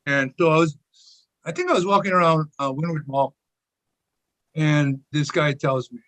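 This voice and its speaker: An older man talks in a playful, chatty way, his voice high and bright. He keeps a friendly conversational rhythm on the panel. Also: lively intonation, normal speed, long pauses, rough recording. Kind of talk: casual chat.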